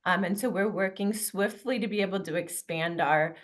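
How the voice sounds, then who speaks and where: A woman, a startup co-founder, explaining plans in a measured, businesslike way. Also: mid-range voice. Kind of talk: interview answer.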